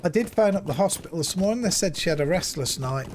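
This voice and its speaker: Streaming from home, a man chats casually with viewers in a rambling, repetitive way, retelling dialogue with "I says." His voice is high and expressive yet darkish in tone, his pace is quick, and there is slight background noise.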